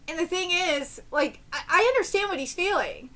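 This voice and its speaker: Emotional woman reaction streamer with a very high, lively voice, tearful and blunt. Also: moderate pace. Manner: emotional, candid, swears freely. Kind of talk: live reaction chat.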